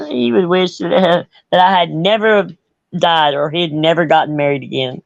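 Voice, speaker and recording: A woman's voice: lowish voice, unhurried, gravelly, dry recording. A middle-aged woman hosting a casual chat, folksy and blunt, laughing often. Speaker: host. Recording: dull lo-fi sound.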